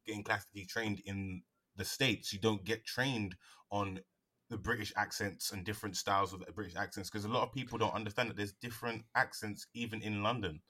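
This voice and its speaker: A man's voice: fairly low pitch, fairly even intonation, a little fast, sharp tone. A man in casual podcast chat about actors and accents, rambling with fillers and restarts.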